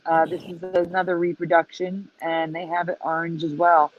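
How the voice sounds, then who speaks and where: A woman's voice: fairly low pitch, little pitch movement, moderate pace. A woman co-hosting a casual livestream chat, explaining pictures and asking viewers questions. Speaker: co-host. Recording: dull lo-fi stream audio.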